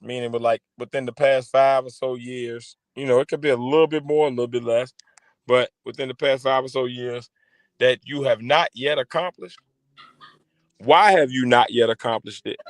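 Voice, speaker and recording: A man's voice: medium pitch, no room sound. Slangy podcast co-host man. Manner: loose, slangy and emphatic. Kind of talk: casual chat.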